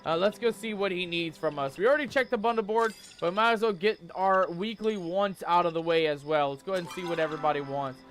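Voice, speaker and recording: High-voiced playful man streamer. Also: fast, few pauses, a bit bright. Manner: playful, chatty. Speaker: game streamer. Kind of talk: casual gameplay commentary.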